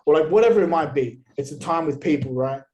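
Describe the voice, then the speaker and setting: Man, podcast guest, slightly high voice, blunt and profane. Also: fast talker, muffled recording. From Australia. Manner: blunt, heavy swearing, animated rants. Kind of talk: casual conversational interview.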